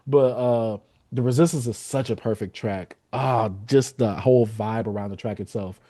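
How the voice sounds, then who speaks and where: A man reviewing an album in a relaxed podcast chat, his voice mellow and low-key. He quotes lines and plays out his own reactions as he goes. The sound is close and dry, with no room around it. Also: normal speed, dry recording. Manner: animated, quotes lyrics and acts out reactions. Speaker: podcast co-host.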